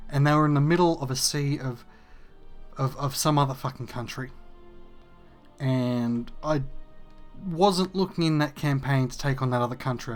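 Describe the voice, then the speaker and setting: A man, hosting a casual gameplay rant that is frustrated, profane and rambling. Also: medium pitch. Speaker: gaming video host.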